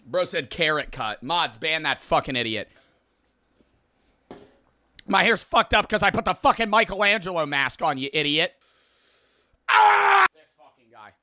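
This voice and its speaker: A young man on a livestream swears through a rambling, exasperated running commentary. His bright, forceful voice sits a little high and swings widely in pitch. He keeps reacting to the lingering heat of spicy food. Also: expressive, normal speed. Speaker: streamer. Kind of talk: casual livestream chat.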